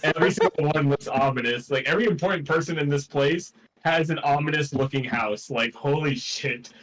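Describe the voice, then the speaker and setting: A man's voice: a little high, brisk, fairly bright tone, poor audio. Rambling, joking male player. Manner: rambling, joking, swears freely. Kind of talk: casual chat at a game table.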